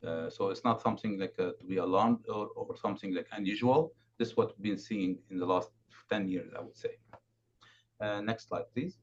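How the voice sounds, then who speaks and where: A man giving a consultant's presentation at a council meeting, halting with many fillers and restarts. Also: fairly low pitch. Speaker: building condition consultant presenting. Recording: dull lo-fi remote audio, faint noise.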